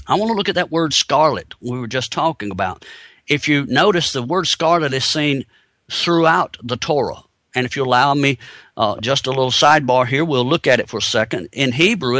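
A man's voice: mid-range voice, pushed and bright, dry recording. A man giving a teaching sermon, explaining points step by step and asking rhetorical questions. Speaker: Bible teacher.

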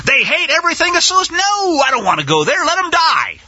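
A man's voice: very high voice, sing-song, brisk, sharp tone, highs cut off, pitched above the performer's own voice, exaggerated voice. A man voicing an indignant modern-day prophet who refuses his mission, ranting with scorn. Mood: scornful.

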